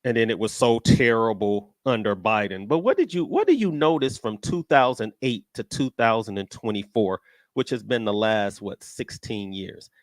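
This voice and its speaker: An American man hosting a casual stock market chat show, talking emphatically, repeating himself and jumping into high-pitched outbursts. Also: expressive, normal speed, dry recording, clean studio sound. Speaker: stock trading show host. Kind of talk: casual live-stream talk.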